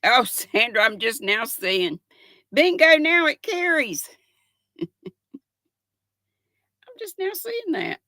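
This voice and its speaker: A woman's voice: fairly high pitch, sing-song, takes it slowly, pauses often, pushed and bright, dry recording. Older woman, casual livestream host with a folksy manner and a dry, close sound. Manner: chatty, giggly, folksy, talks to viewers as "y'all". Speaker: livestream host reading chat. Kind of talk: casual chat. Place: at home.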